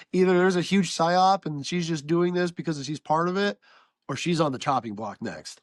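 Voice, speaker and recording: A man's voice: a little high, unhurried, no room sound. Ranting stuffed-up man on a podcast. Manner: ranting, profane. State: stuffed-up, nasal. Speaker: podcast guest. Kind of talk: casual podcast chat.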